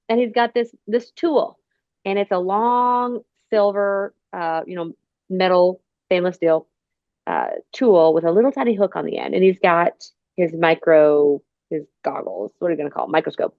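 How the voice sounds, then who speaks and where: A woman's voice: medium pitch, normal speed, no room sound. A woman hosting an interview, chatty, telling long personal stories in casual talk. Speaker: podcast host. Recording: dull, dry phone-call sound.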